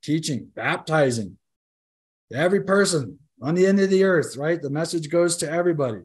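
A man's voice: fairly high pitch, expressive, normal speed, slightly rough. Emphatic, chatty Bible study teacher, man. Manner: conversational and emphatic, with frequent "right?" asides and restarts. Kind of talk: interactive Bible class teaching.

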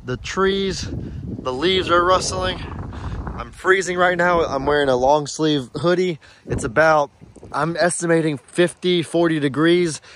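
A man filming a casual farm vlog outdoors on his phone, chatting in a rambling way and softly coaxing his animals. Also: a little high. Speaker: farm vlogger. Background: light wind outdoors.

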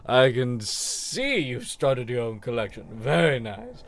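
A man voicing an old female bug charm seller, reading her lines in a slow, drawn-out, syrupy and welcoming way. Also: mid-range voice, sing-song, dry recording. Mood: syrupy welcome. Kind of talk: reading game dialogue in a voice.

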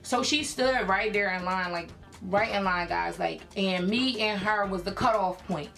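A young woman from Philadelphia telling a personal story in a casual vlog, chatty and animated, full of fillers and acted-out quotes. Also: mid-range voice, measured pace, gravelly, soft background music. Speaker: YouTube creator.

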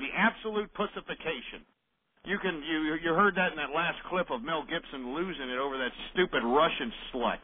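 A man hosting a call-in radio show, ranting and hurling insults at callers. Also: high voice. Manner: abrasive, insulting, belligerent. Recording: tinny phone-like radio audio.

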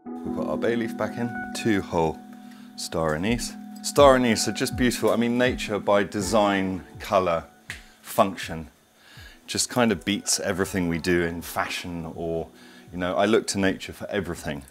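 A middle-aged man chats his way through a recipe in his home kitchen. He wanders off on asides and returns to the cooking with plenty of enthusiasm. His voice sits very low, with faint music underneath. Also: normal speed. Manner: chatty, digressive, enthusiastic. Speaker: cooking show host. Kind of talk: casual cooking demonstration.

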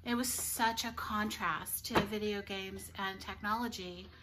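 A woman's voice: medium pitch, fairly even intonation, a little slow, background noise. A middle-aged woman who runs a yarn shop, chatting casually with frequent giggles. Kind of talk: casual chat.

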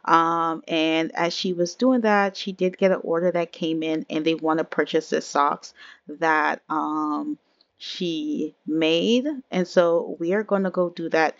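A woman's voice: low-pitched, fairly even intonation, takes it slowly, no room sound, dull audio. A woman giving casual, chatty let's-play commentary on a life-simulation game, talking straight to her viewers. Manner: chatty, addresses viewers as y'all. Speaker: game streamer.

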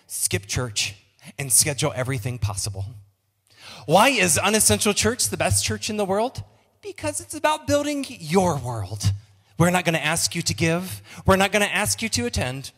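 A man's voice: fairly bright tone, in a large hall. A man putting on a chirpy flight-attendant voice. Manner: sarcastic sales-pitch announcing. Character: chirpy flight attendant pitching a lazy church.

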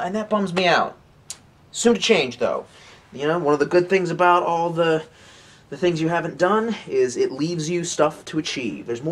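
A man's voice: on the high side, slight background noise. A man in his late twenties casually reviewing outdoor gear, rambling with jokes and offhand swearing. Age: late 20s.

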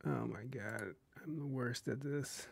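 A man's voice: mid-range voice, a little slow, gravelly, breathy edge, no echo. Flustered joking podcast host man. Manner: joking, flustered, self-deprecating. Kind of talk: casual chat.

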